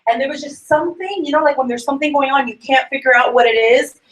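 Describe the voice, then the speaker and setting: A woman with a fairly high voice tells a story to a group. She is animated and acts out the voices of the people she quotes, laughing as she goes. The room is echoey. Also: fast. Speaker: sales consultant sharing a tip.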